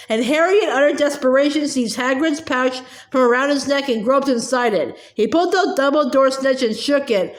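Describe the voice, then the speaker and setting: High-voiced woman reading a novel. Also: roomy sound. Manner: steady, with occasional stumbles and throat-clearing. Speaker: audiobook reader.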